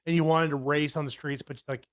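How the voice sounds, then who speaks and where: Man, 30s, podcast co-host, rambling, profane, many restarts, higher pitch, dry sound. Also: steady tone, brisk, no echo. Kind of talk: casual podcast chat.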